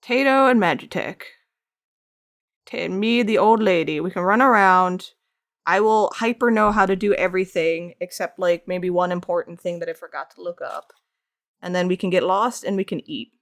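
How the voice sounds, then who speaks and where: Here the streamer's voice sits fairly low and moves at a moderate pace. She chats and rambles as she sculpts, laughing frequently and reading her chat out loud before replying.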